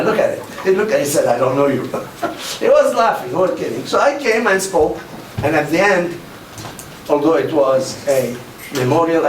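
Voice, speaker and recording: An older man giving a public lecture, telling anecdotes and acting out the quoted dialogue with animation. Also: on the high side. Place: mosque hall. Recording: roomy, distant mic with faint noise.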